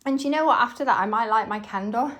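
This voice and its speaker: A woman from England chatting to viewers as she cleans her farmhouse, slightly out of breath and hoarse from talking. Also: on the high side, fast talker, fairly bright tone. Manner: chatty, talks to viewers while working, trails off and restarts. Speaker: cleaning vlogger. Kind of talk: casual chat while cleaning. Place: farmhouse kitchen and utility room, indoors.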